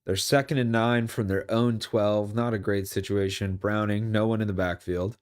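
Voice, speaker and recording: Young male streamer, slightly low voice, casual rambling football commentary, jokey, erupts at big plays. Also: steady tone, normal speed, hardly any pauses, clear, resonant tone.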